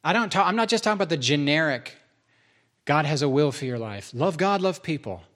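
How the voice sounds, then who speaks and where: A male pastor delivering a sermon in a somewhat high voice. He runs through numbered points, repeats key lines for emphasis and drops in joking, self-deprecating asides. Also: animated, fairly quick, fairly bright tone.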